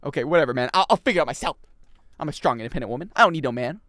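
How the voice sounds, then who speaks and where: A man chatting casually and joking with his chat while he plays a game on a livestream, swinging between loud outbursts and mumbled asides. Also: on the high side, lively intonation, racing, dry recording, clean studio sound. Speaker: game streamer.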